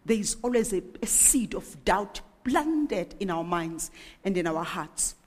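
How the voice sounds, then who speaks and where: A woman delivers a sermon in a slow, measured cadence, her pitch swinging widely as she asks question after question. The sound carries a long hall reverb. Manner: animated, rhetorical questioning. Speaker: preacher.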